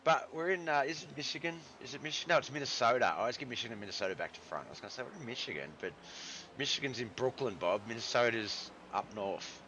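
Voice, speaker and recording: A man's voice: mid-range voice, expressive, quick pace, pushed and bright, slight background noise. A man hosting a live stream, giving casual commentary on a racing league and chatting with viewers in the chat, whom he calls brother. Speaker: stream host and race commentator.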